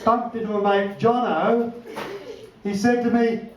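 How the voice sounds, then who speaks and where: A man's voice: very high-pitched, flat delivery, distant mic, dull audio, background noise. An older Australian man doing a wry, swearing stand-up comedy set on a club stage. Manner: wry, swearing, does quick voices for others. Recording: roomy club sound from afar, audience.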